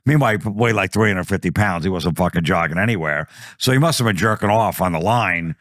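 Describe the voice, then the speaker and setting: A man's voice: low-pitched, fast, fairly bright tone, dry recording, studio quality. A man telling a profane comic story, acting out the quotes. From New Jersey. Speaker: comedian guest.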